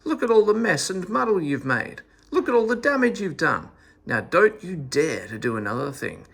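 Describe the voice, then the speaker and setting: A man voicing Mother Hey-Ho, a fierce old woman who scolds and yells, in a storybook reading. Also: sing-song, slow, creaky, husky, exaggerated voice. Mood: furious. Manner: yelling, shrill scolding. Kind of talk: storybook read-aloud.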